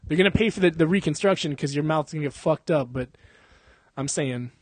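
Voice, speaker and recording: A young man talks in a casual chat, swearing freely and laughing through his animated stories. His voice sits a little high and sounds husky. The recording is dry and close. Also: a little fast, no echo. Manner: profane, laughing, animated storytelling. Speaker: podcast host.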